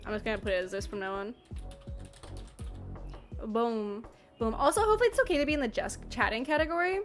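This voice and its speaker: A woman's voice: fairly high pitch, animated, a little fast, faint music behind. A woman hosting a casual livestream, chatting and giggling as she answers chat messages. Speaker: livestream host reading chat.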